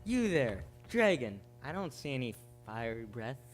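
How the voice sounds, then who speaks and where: A man playing a boastful young prince in a stage musical, loud and bragging. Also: mid-range voice, very animated, measured pace. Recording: theater stage with music behind.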